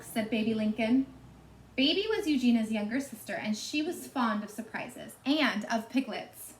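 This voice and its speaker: Animated woman reading a storybook. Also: a little high, normal speed. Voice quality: expressive, animated. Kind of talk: reading a storybook aloud to children. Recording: echoey room.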